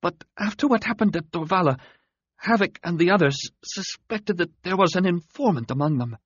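A man's voice: high voice, lively intonation, normal speed, dry recording, lo-fi sound, voice pushed up. A man voicing a weak, dying alien. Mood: weak, urgent. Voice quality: weak, breathy.

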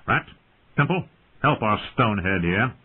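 A man's voice: lowish voice, lively intonation, unhurried, slightly rough. A man doing a cold, mocking master-at-arms. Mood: scornful. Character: cold, sharp older male master-at-arms. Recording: tinny phone-like audio.

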